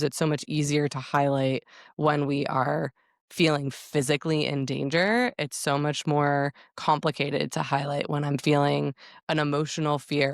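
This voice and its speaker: A woman's voice: deep voice, vocal fry, no echo, clean studio sound. A woman co-hosting a podcast, speaking in a thoughtful, reflective way with frequent fillers. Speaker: podcast co-host. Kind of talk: casual podcast conversation.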